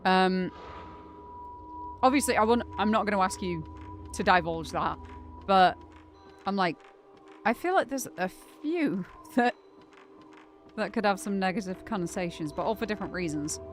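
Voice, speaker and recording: A woman's voice: medium pitch, lively intonation, normal speed, pauses often. A young woman from Northern England with a muted Northern accent, chatting casually while streaming a game, thinking aloud and laughing often. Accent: muted Northern English. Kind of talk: casual livestream gameplay chat. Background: game music.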